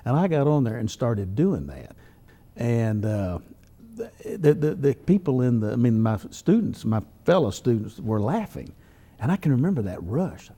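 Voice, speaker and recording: Older man, husky mellow voice, lively folksy storytelling. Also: mid-range voice. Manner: folksy, drawn-out storytelling with chuckles. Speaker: newspaper columnist and humorist. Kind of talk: storytelling interview answers.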